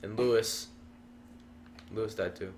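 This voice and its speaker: A man's voice: fairly low pitch, steady tone, measured pace, darkish tone, slight background noise. Male gamer, casual, rambling silly storyteller. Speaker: let's play commentator. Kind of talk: casual gaming chat.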